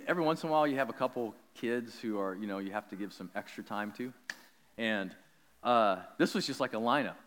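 A man of middle pitch preaches, slipping into a loose, conversational storytelling voice full of likes and ums. His voice rings out with a long reverb, as in a large hall. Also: clean tone. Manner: animated, chatty, many likes and ums. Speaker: pastor. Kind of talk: sermon told as a personal story.

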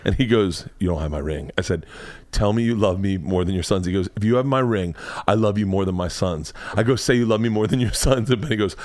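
Excitable storytelling man, dry close sound. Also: on the low side, quick pace, no echo. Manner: loud, excitable, acts out quotes, swears a lot. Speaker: podcast host, comedian. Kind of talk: animated storytelling. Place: home studio, man cave.

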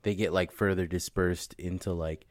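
A man's voice: deep voice, normal speed, dry recording, clean studio sound. A man from California, chatting loosely as a podcast co-host, swearing freely and telling stories with animation. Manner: profane, animated storytelling. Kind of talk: casual chat.

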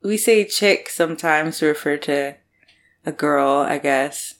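A woman's voice: sits low, measured pace. A woman interviewing in casual conversation, hesitant and full of fillers, often giggling. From United States.

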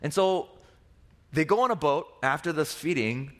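A young man delivers a sermon in a fairly high voice. He tells the stories with theatrical flair, jumping in and out of the characters' voices. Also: animated, moderate pace, a bit bright. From Korea. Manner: dramatic, acts out voices of disciples and Jesus. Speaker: pastor.

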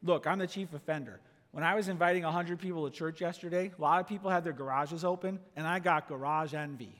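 A man preaching a sermon as pastor, asking rhetorical questions and going quiet for quoted asides. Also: on the high side, fast. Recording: long echo of a large hall.

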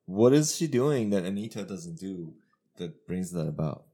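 Low-voiced man musing on philosophy. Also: very animated, normal speed, warm tone, husky. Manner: analytical, philosophical, laughs often. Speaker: podcast co-host. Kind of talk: casual chat.

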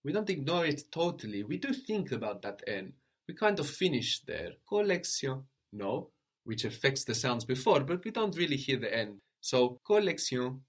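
A man teaching a language lesson, patiently modeling pronunciation slowly and asking a student to repeat. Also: mid-range voice, big pitch swings.

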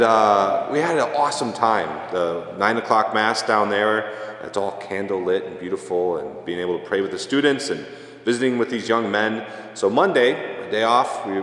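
A young male priest giving a homily, telling a self-deprecating story in a relaxed, casual way. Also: fairly low pitch. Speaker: parish priest. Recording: echoey church with long reverb.

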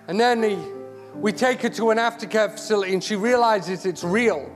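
A high-pitched man at a moderate pace preaches passionately, repeating words as his sermon builds. He's a charity CEO appearing as guest preacher, recorded with hall reverb and music.

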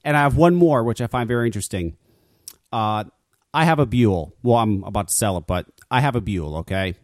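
A man's voice: lowish voice, expressive, brisk, no echo, clean studio sound. A man hosting a talk radio show, ranting casually with lots of swearing and stammered restarts. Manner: profane, stammering rants.

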